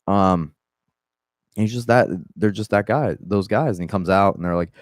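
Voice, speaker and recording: A young MMA podcast host with a Southern accent and a low voice gives casual commentary on fighting news at a moderate pace. He speaks in loose, profane bursts full of restarts and asides. The recording is dry and close, without echo.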